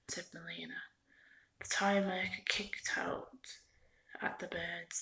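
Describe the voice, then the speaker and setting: A woman reading a storybook aloud in a soft-spoken ASMR style, often drifting into a whisper. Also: lowish voice, little pitch movement, a little slow, gravelly, rough recording. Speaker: ASMR reader.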